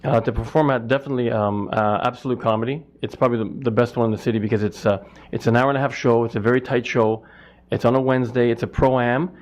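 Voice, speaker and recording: A man's voice: mid-range voice, steady tone, fast talker, darkish tone. A middle-aged man from Canada, a stand-up comic and butcher, answering interview questions in a rambling, self-interrupting way.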